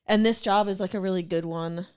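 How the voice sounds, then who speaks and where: A young woman co-hosts a laid-back podcast, chatting and giggling as she rambles through stories. She fills her speech with "like" and "um," and her voice sounds smooth and clear. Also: medium pitch, steady tone, a little fast, a little mellow. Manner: giggly, rambling with many fillers. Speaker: podcast co-host. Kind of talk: casual chat.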